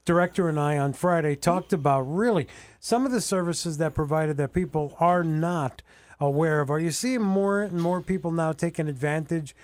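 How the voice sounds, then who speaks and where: A man hosting a morning radio talk show, brisk and joking with his co-host and guests. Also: a little high, a little mellow, dry recording. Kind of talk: casual radio chat. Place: radio studio. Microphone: studio microphone.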